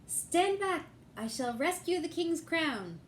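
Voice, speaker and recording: A woman's voice: extremely high pitch, sing-song, slow pace, a little hiss or hum, voice pushed up, heavily acted. A woman voicing a brave young elephant knight who declaims boldly in a raised voice. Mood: heroic. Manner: heroic, declaiming.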